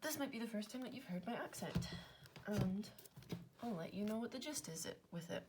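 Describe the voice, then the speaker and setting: A woman's voice: mid-range voice, lively intonation, a little fast, heavy background noise. A young Scottish woman with an Inverness accent, working through maths aloud in a casual way and muttering to herself between half-whispered asides. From Scotland. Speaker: maths content creator.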